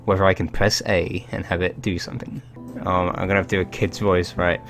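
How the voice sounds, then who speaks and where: A man's voice: low-pitched, little pitch movement, brisk, gravelly, faint music behind. A man casually commenting while playing video games, joking and rambling with self-mocking asides. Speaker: let's play host.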